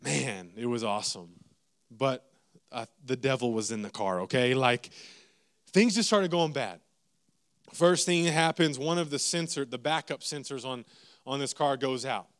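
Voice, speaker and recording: Animated storytelling preacher. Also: male voice, mid-range voice, moderate pace. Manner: animated, self-mocking storytelling with asides to the audience. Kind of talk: storytelling sermon.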